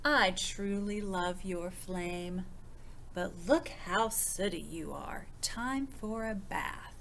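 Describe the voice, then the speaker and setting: A woman voicing a loving mother dragon in a storybook reading, soft and tender. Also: mid-range voice, sing-song, takes it slowly, a little hiss or hum. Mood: gentle.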